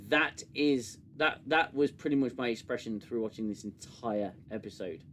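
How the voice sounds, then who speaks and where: Hosting a casual review livestream, a man from the United Kingdom is sarcastic and rambling, with many fillers. His mid-range voice is a bit bright at normal speed, with a little hiss or hum in the background.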